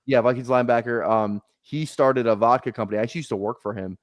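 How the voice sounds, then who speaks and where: A man from Minnesota telling stories and chatting excitedly while drafting fantasy football on a live stream. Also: mid-range voice, fast, over a noisy crowd. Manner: animated, excitable storyteller. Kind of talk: casual chat on a live stream.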